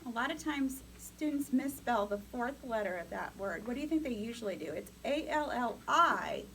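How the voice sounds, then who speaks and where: A woman's voice: a little high, animated, normal speed, a bit bright, slight background noise, low-quality recording. A woman teaching future teachers in a classroom, upbeat and coaching, often calling on students. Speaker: teacher educator. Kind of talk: classroom lecture.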